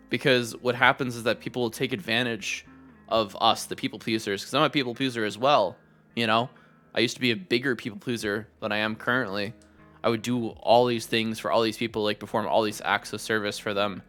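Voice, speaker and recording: A man hosting a casual live-stream chat from home, giving blunt advice with plenty of swearing and animated ranting. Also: fairly low pitch. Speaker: streamer and podcast host.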